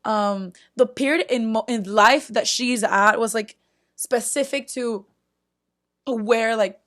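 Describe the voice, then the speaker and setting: Excitable young woman telling a story. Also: fairly high pitch, slow. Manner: excitable, animated retelling with many "like"s and sudden bursts of loud disbelief; frequent filler "like" and restarts, chatty. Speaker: vlogger. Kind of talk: casual storytelling to camera.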